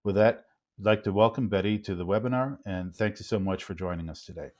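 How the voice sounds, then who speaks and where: A man hosting a webinar, reading a formal, measured introduction of a guest. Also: fairly low pitch, darkish tone. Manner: measured, formal, some ums. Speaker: webinar host. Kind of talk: read-out introduction. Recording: dull lo-fi webinar audio.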